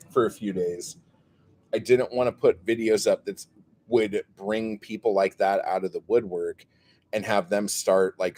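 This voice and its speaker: Male streamer, low-pitched, rambling profane chat rant. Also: a little mellow, a little hiss or hum. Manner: rambling, heavy on "like" fillers, profane. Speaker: YouTuber streaming to a live chat. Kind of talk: casual ranting monologue.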